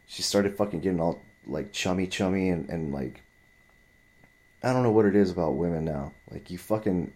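Heated, profane young man, low voice. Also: fairly quick, darkish tone. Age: 20s. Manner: profane, heated, rambling delivery. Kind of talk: casual storytelling rant.

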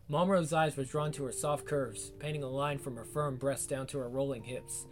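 Brief: steady male narrator, mid-pitched, faint guitar underneath. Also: moderate pace, few pauses. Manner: steady storytelling read. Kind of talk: adult audiobook narration. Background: faint guitar music.

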